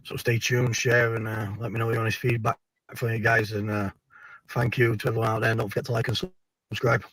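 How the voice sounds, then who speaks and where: A man's voice: mid-range voice, little pitch movement, brisk, fairly bright tone, dry recording, poor audio. A man speaking in a clip, boastful and rambling, thanking viewers and swearing when heated.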